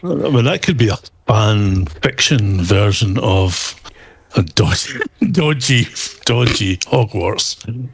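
Guy cohosting radio, husky voice, bouncy up and down, laughs loads at his own crude jokes. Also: lowish voice, expressive, slow pace. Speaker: co-host. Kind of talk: casual radio banter.

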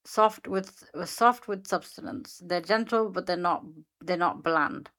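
A woman with a fairly low voice co-hosts a relaxed chat show. She laughs easily and stops now and then to read text aloud, her delivery loose and unhurried. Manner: laughs often, reads chatbot answers aloud. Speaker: podcast co-host. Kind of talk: casual chat, reading aloud.

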